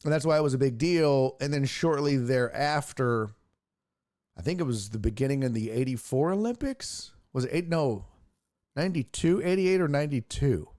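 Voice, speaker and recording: A man's voice: mid-range voice, expressive, moderate pace, darkish tone. A man hosting a casual livestream sports talk show who rants, swears and restarts sentences often. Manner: profane, ranting, restarts often.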